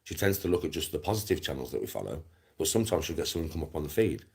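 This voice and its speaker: A middle-aged man with a Black Country accent rants at his critics on a livestream. His voice sits low and has a husky edge. He swears constantly, repeats himself and sounds scornful throughout. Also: sing-song, very fast. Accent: Black Country English. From England. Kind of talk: angry livestream rant.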